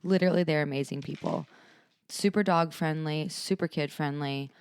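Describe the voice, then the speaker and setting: A young woman co-hosting a podcast, telling lively stories about her toddler with frequent laughter. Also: deep voice, moderate pace, clean tone. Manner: animated storyteller, laughs often. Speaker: podcast co-host. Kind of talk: casual chat.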